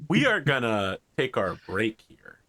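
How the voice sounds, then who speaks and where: A man's voice: medium pitch, huge pitch swings, fairly bright tone. A man narrating as game master of a tabletop role-playing game, casual and wry. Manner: casual, wry, jumps into quick character voices.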